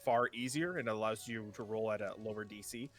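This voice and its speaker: A man's voice: fairly low pitch, fairly quick, soft background music. A man narrating a tabletop game as game master, rambling with lots of fillers and restarts.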